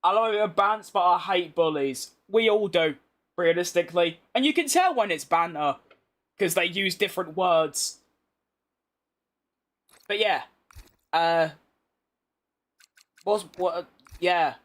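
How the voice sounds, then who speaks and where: Young British man, fairly high-pitched, chatty, blunt, slangy banter, casual game commentary. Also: animated, measured pace, long pauses, fairly bright tone. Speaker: gaming YouTuber. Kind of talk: casual gameplay commentary reading chat.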